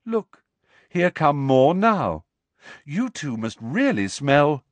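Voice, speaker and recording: A man voicing a dreamy, serene teenage girl who speaks in an airy, unhurried, matter-of-fact way. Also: fairly high pitch, very animated, no room sound, pitched above the performer's own voice. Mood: calm.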